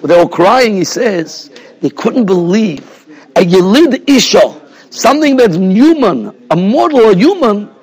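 A husky-voiced man, a rabbi teaching a Torah class in a yeshiva. His voice sits high for a man. He explains at length and keeps checking in with his listeners. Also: big pitch swings, unhurried, darkish tone. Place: yeshiva study hall.

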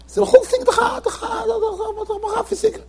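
A man's voice: very high voice, fairly even intonation, brisk, gravelly. A man teaching a Torah class as a rabbi in a yeshiva, talking emphatically, firing rhetorical questions and repeating himself as he drives a point home. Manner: emphatic, asks rhetorical questions, repeats phrases, stumbles on restarts. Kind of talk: lecture-style Torah class. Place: yeshiva study hall.

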